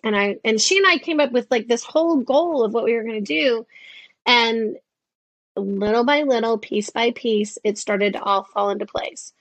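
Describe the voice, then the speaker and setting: Animated fifties woman, dry close sound. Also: fairly high pitch, moderate pace, no room sound. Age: 50s. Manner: animated, acts out quoted voices. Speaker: guest. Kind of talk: casual interview chat.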